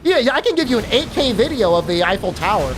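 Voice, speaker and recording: A woman streamer chatting casually while gaming, telling an animated story with lots of fillers and free swearing. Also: on the high side, fast, over music.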